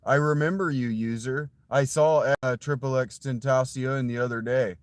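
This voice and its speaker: A man's voice: mid-range voice, fairly even intonation, moderate pace, dry recording. A man in a casual livestream chat, rambling and confiding straight to his viewers in a put-on voice that he pushes forward in his throat for a slight distortion.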